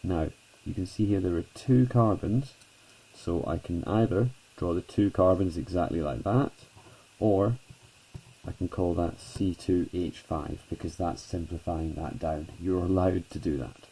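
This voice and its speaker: A man's voice: deep voice, unhurried, vocal fry, warm tone, breathy edge, poor audio. A man teaching a chemistry lesson at a whiteboard, chatty and self-deprecating, talking students through each step.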